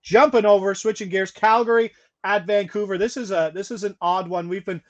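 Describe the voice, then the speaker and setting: High-voiced man rattling off betting odds. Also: steady tone, dull audio. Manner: brisk, rattles off stats and odds, laughs mid-sentence. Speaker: host, betting analyst. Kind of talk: casual sports betting chat.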